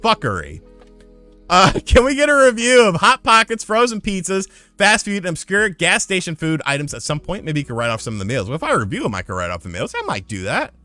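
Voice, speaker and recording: Dude streamer telling a story, swears a ton, voice jumps all over, bright edgy tone. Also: male voice, sits high, brisk, no room sound, faint music behind. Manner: profane, animated, acts out dialogue.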